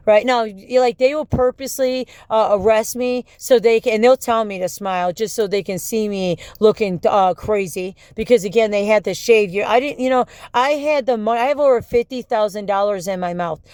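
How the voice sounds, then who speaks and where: Angry, rambling woman with a smooth voice. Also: on the high side, no echo. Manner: angry, swearing, jumps between topics. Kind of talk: rambling profane monologue.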